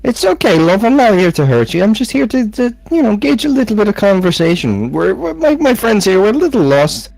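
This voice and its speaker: A man's voice: medium pitch, expressive, measured pace, dry recording, lightly acted, poor audio. A man voicing a flirtatious male adventurer in a put-on Scottish accent, sweet-talking and coaxing in a tabletop game. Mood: flirty, coaxing.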